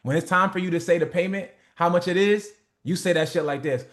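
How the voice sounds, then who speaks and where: Animated, profane man coaching a group call. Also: sits high, fairly quick. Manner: animated, profane, acts out skits. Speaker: business coach.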